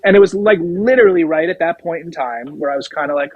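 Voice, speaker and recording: Middle-aged male guest, rambling storyteller, slightly high voice, dry close mic. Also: fast, dry recording, dull audio. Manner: rambling anecdotes, acts out quoted dialogue. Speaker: guest musician, drummer. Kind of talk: casual storytelling interview.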